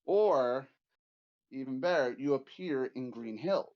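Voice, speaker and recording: A man in a casual chat who gets excitable and keeps talking over the others. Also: mid-range voice, slow pace. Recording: dull lo-fi call audio.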